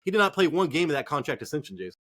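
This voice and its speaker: Racing along in a sing-song way, he has a fairly high pitch and a fairly bright tone. This Northern California podcast co-host rambles, jokes, and swears heavily while talking fantasy football in a cold garage.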